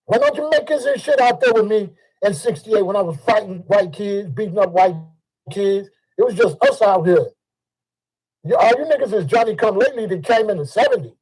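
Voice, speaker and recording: An older man. His voice sits high for a man. He delivers a heated, profane monologue and circles back to the same points again and again. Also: sing-song, a little fast, darkish tone, slightly rough, rough recording. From Chicago. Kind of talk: ranting monologue.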